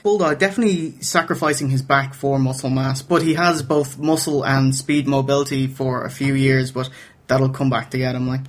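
A man's voice: mid-range voice, steady tone, moderate pace. A man co-hosting a casual wrestling review podcast, jokey and chatty, laughing often. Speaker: podcast co-host.

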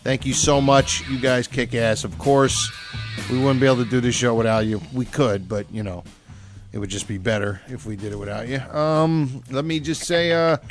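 A man's voice: medium pitch, normal speed, music in the background. A man co-hosting a comedy podcast, chatting loosely with lots of ums, uhs and swearing. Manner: loose, profane, filler-heavy. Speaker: podcast co-host. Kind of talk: casual comedy podcast chat.

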